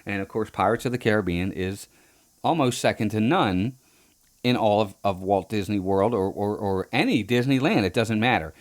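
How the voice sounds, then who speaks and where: A man's voice: fairly low pitch, normal speed. A man co-hosting a theme park podcast in casual chat, rambling and restarting his phrases. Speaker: podcast co-host.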